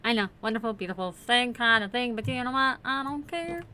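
Chatty and playful, a woman hosting a gaming channel talks casually over her Minecraft session and addresses the in-game characters. She speaks quickly in a pushed, bright voice on the high side, with a little hiss or hum in the audio.

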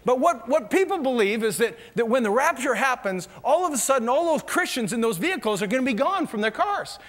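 Man, pastor, animated sermon delivery, humorous storytelling, long church reverb. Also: extremely high pitch, a little fast. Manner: humorous storytelling, laughs at own jokes. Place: large church hall.

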